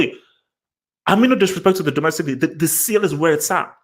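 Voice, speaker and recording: A man hosting a casual live football post-match analysis stream, excitable and rambling, with lots of restarts and repeated words. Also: a little high, fast. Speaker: livestream host.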